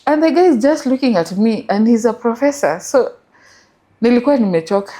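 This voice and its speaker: A woman's voice: a little high, animated, a little fast, dark tone. A middle-aged woman with a Kenyan accent, telling her story as an interview guest and mixing English with Swahili.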